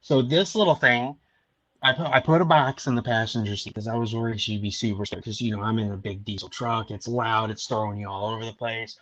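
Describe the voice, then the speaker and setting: A man's voice: lowish voice, fairly even intonation, fairly quick, fairly bright tone, no room sound, low-quality recording. A man hosting a podcast in casual chat, a rambling storyteller with many restarts, talking from home. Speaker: podcast host.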